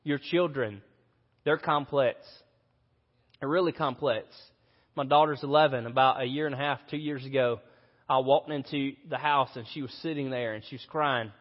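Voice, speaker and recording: A man's voice: medium pitch, normal speed. A man in his thirties, a pastor preaching an earnest, conversational sermon with self-deprecating humor. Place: church auditorium. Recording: reverberant hall, slightly dull sound.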